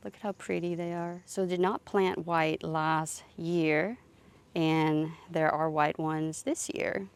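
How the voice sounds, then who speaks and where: Slow, chatty woman touring her garden. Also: low voice, steady tone, clear, resonant tone. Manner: slow, chatty, thinking aloud with fillers. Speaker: gardening vlogger. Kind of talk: casual garden tour narration. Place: outdoor garden.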